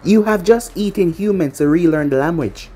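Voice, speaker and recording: A woman playing a deep-voiced fox spirit in a fan story. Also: normal speed, mellow, lightly acted. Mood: grim. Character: deep gravelly fox spirit, male, blunt.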